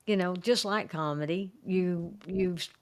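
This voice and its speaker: A woman's voice: on the low side, a little slow. A woman co-hosting a podcast who chats casually and reflects in an encouraging way. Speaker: podcast co-host.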